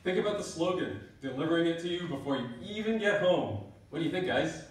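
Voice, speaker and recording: A man voicing an eager, brash young male driver who always wants to go faster. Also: fairly high pitch, animated, lightly acted. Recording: echoey hall, mic far off.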